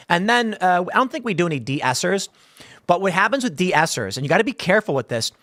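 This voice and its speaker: A man's voice: fairly high pitch, fairly bright tone, no echo. A man hosting a commentary show, talking in a rambling, jokey way with lots of asides, from a studio room. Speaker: host.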